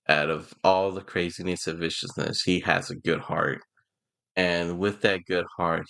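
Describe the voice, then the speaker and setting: A man from Houston, Texas reviews a TV show in a casual, rambling way, laughing often and getting emotional. He's a movie and TV reviewer, and his low voice has a slightly bright quality.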